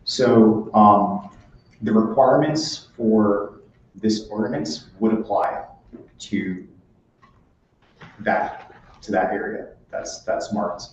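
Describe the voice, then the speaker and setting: A man's voice: lowish voice, takes it slowly, slight background noise. A man answering questions at a committee meeting in a careful, explanatory way. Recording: distant echoey chamber, dull sound.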